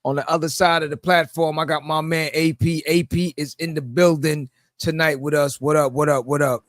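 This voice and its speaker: A podcast host with a New York accent, speaking in a somewhat high voice. He chats loosely and laughs often, slipping into animated voices as he tells stories. The sound is dry and close. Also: moderate pace, no room sound. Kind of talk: casual chat.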